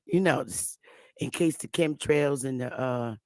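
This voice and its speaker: A man's voice: medium pitch, measured pace, darkish tone, no room sound, clean studio sound. A man hosting his own online show, ranting casually to viewers in a loose, mocking, slangy way, full of asides and restarts.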